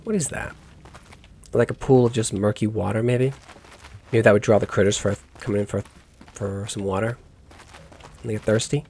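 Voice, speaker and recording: A man's voice: lowish voice, fairly even intonation, normal speed, long pauses, darkish tone, slight background noise. A man giving let's play commentary on a game, musing aloud in rambling asides and correcting himself as he goes. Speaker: gaming YouTuber.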